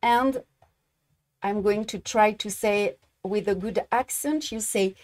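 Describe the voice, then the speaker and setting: A woman from France with a French accent, a native French speaker, teaching embroidery in a live-streamed tutorial and often halting to search for English words. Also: mid-range voice, darkish tone.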